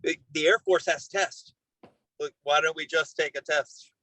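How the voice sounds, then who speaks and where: Man, podcast guest, direct, matter-of-fact, somewhat high voice, dry close recording. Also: steady tone, normal speed, sharp tone, dry recording, rough recording. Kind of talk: casual veterans' chat.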